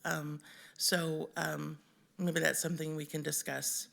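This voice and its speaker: A woman from Missouri giving an unprepared, emotional public comment at a city council meeting, halting with many ums. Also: deep voice, little pitch movement, vocal fry, fairly bright tone. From Missouri, USA. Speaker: resident speaking in public comment.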